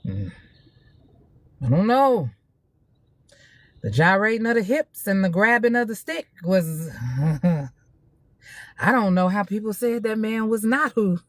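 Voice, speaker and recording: A woman, talking in a casual opinion monologue, animated, laughing often and repeating herself for emphasis. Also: mid-range voice, takes it slowly, long pauses, no room sound. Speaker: social media host.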